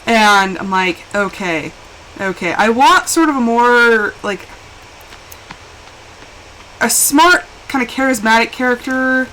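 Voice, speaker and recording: Animated chatty woman streaming a game. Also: a little high, slow pace, pauses often, a little hiss or hum, low-quality recording. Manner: chatty and animated, with laughs and exclamations. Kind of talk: casual live-stream chat while gaming.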